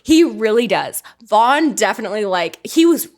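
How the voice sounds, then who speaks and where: A woman's voice: mid-range voice, big pitch swings, moderate pace. A woman chatting as a podcast guest, telling swearing, joking stories and acting out quotes. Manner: swearing, joking storyteller who acts out quotes. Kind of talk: casual chat.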